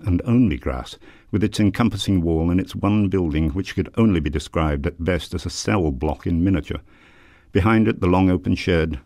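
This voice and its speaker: A man reading his own literary memoir aloud in a measured, dramatic way. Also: low-pitched, darkish tone, no room sound, clean studio sound.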